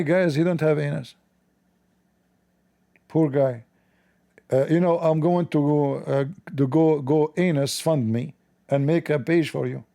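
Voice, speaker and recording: A middle-aged man hosts a livestream and fires back at his chat with mockery and open challenges. His voice is gravelly, sits a bit high for a man, and has a dark tone. His English is non-native, with loose grammar. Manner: mocking, sarcastic, confrontational. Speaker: livestream host. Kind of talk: combative livestream commentary answering chat.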